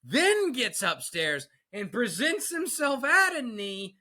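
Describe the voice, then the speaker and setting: A man's voice: extremely high pitch, big pitch swings, slow pace, sharp tone. A man co-hosting a podcast, retelling a film scene with wry, chuckling comments. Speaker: podcast co-host. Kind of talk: casual chat retelling a film.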